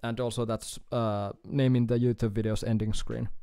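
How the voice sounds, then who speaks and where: A man from Finland with a Finnish accent, chatting casually on a live stream with halting speech, fillers and chuckles. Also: mid-range voice, flat delivery, warm tone, clean tone, no echo. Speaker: guitar YouTuber streaming.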